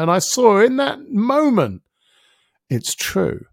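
Gravelly man telling a story. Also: high voice, sing-song, unhurried, no echo, studio quality. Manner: vivid storyteller who acts out his own inner voice, casual swearing. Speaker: interview guest, helps people with their thinking. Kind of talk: reflective storytelling in a podcast conversation.

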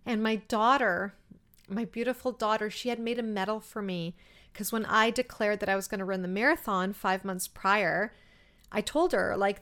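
A woman in her thirties hosting a podcast, telling a personal story in a heartfelt, emotional way, with many fillers and pauses. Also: medium pitch, fairly bright tone. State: emotional, near tears. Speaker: podcast host.

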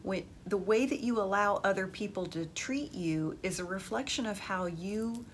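A woman's voice: medium pitch, normal speed, slight background noise. A woman hosting a show, giving frank, emphatic dating advice to women in a storytelling way. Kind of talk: direct advice talk to women.

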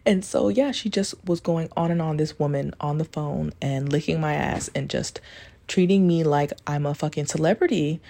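Mellow low-voiced woman, candid. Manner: candid, swears freely, rambling asides. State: talking low to stay quiet. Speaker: podcast host. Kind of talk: casual confessional monologue.

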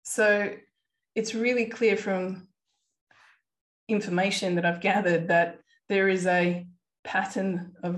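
A woman in her thirties hosting a podcast, earnestly retelling a distressing family episode with quoted dialogue. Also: medium pitch. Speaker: podcast host and parent. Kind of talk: personal storytelling monologue.

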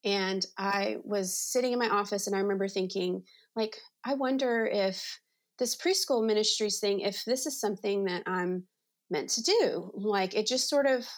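A woman's voice: mid-range voice, normal speed. A woman in her forties, an interview guest and ministry leader, telling a personal faith story in a chatty, earnest way with many "you know"s. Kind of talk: personal testimony in conversation.

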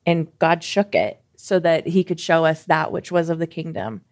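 A woman co-hosting a faith podcast, speaking in an earnest, gently reflective way. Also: low voice, animated, normal speed. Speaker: podcast co-host.

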